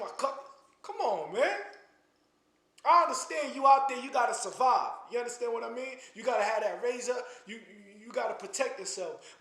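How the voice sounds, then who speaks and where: A man's voice: high voice, a bit bright, reverberant. A man giving heated, preachy commentary to camera, often stumbling and restarting his sentences. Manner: impassioned, stammering restarts, preachy. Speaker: commentary channel host. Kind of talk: casual spoken commentary to camera.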